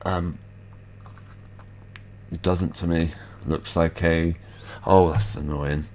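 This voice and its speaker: A man's voice: sits low, flat delivery, slow, a little mellow, slight background noise. A man hosting an online show, making skeptical, rambling remarks over video clips. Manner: skeptical, rambling asides with fillers. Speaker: host.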